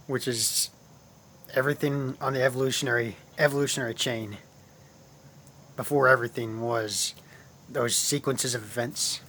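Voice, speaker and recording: A man's voice: mid-range voice, sharp tone, a little hiss or hum. A man hosting his own channel, talking casually and at length about spiritual ideas, often repeating himself and calling his viewers guys. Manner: rambling, repeats phrases, addresses viewers as guys.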